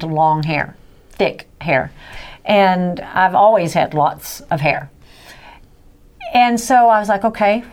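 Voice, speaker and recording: A woman tells a personal story in a casual chat, laughing often and acting out voices. Her voice sits in a middle range and she talks in a lively, easy way. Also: mid-range voice. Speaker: guest sharing a faith testimony.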